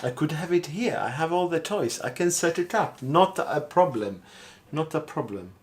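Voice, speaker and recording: A man's voice: on the high side, lively intonation, moderate pace. A man talking casually on a live stream, thinking aloud and rambling as he repeats himself. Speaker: street artist streaming live.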